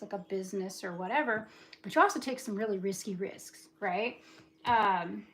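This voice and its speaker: A talkative woman in her forties, rambling through a casual livestream chat while she does dishes and cleans. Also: medium pitch. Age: 40s. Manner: talkative, rambling, fast-talking. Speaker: livestream host.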